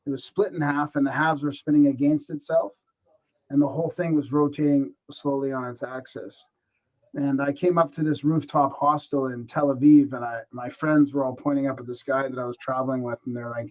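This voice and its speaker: A man on a podcast telling a story in casual chat, rambling with many restarts and animated. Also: on the high side, moderate pace, low-quality recording. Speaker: podcast co-host.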